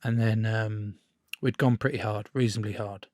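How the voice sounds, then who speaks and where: A man's voice: lowish voice, steady tone, moderate pace, a little mellow, dry recording, clean studio sound. A man, a podcast guest, telling a long story in casual chat, swearing freely and laughing as he goes. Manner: sweary, laughing anecdote-teller.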